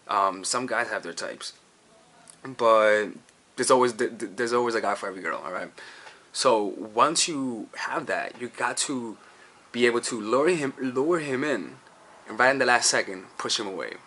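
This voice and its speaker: A man's voice: mid-range voice, normal speed, sharp tone. A man giving casual dating advice as a coach, rambling with many restarts and checking in with "all right?" and "you see".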